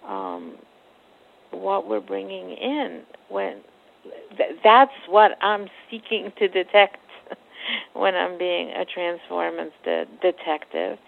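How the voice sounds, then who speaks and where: A woman psychotherapist on a phone interview, talking in a measured, searching way with many fillers. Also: lowish voice, sing-song, creaky. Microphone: telephone. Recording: tinny phone line.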